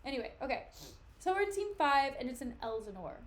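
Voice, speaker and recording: A woman's voice: high voice, sing-song, brisk. A young woman streamer reading a play aloud and breaking off to explain it in chatty asides. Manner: chatty, says "like" and "okay" often. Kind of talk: casual read-aloud with commentary.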